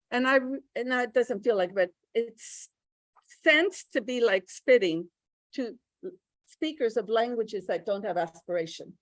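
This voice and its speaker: Older lady running a pronunciation workshop, chatty, says the sounds out loud, dry sound. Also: medium pitch, no echo. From United States. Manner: chatty, demonstrates sounds aloud. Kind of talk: live teacher-training workshop. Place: classroom.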